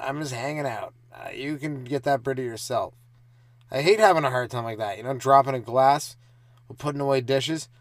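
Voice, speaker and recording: A young man talks alone into a close, dry microphone, swearing freely as he rants about small annoyances. He is a comedian riffing on his own podcast, sliding into mocking asides. His voice sits at an ordinary middle pitch for a man. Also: dry recording. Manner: profane, riffing, mocking voices mid-rant. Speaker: stand-up comedian hosting a podcast. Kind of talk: rambling solo comedy podcast.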